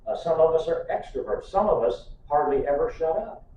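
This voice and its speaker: Folksy older preacher in an echoey church. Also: male voice, on the high side, expressive, a little fast, mellow, a little hiss or hum. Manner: folksy storytelling with humor. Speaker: pastor. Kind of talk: sermon. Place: church sanctuary. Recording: distant, echoey, muffled church recording.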